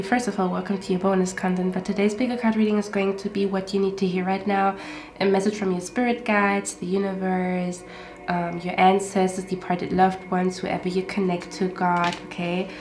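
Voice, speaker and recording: A woman's voice: mid-range voice, level tone, moderate pace, roomy sound. A woman with a congested, stuffy voice from a cold, giving a chatty pick-a-card tarot reading with many fillers. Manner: chatty, with frequent fillers and soft asides.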